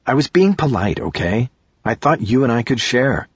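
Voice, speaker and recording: A man's voice: medium pitch, big pitch swings, moderate pace, husky, no echo, lo-fi sound, pitched above the performer's own voice. A man voicing a friendly female office manager with a light, teasing way of talking.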